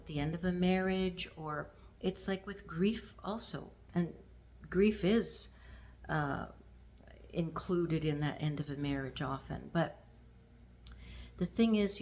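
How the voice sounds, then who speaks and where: Slow-spoken Canadian woman in her sixties. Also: fairly low pitch, a little hiss or hum. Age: 60s. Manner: gentle, unhurried, with fillers. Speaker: vlog host. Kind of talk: casual talk to camera.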